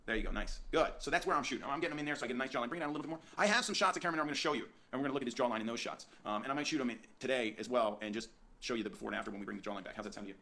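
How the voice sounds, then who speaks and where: A man teaching portrait posing in his photo studio, directing a subject with energetic, repetitive coaching. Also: medium pitch. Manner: rapid, energetic coaching with frequent restarts and repeats.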